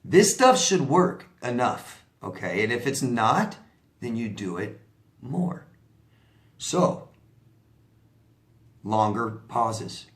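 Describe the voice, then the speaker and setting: A man's voice: medium pitch, sing-song, takes it slowly, long pauses. Blunt, conversational man coaching in a roomy space. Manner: blunt, conversational, repeats points with asides. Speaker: life coach. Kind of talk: casual advice monologue.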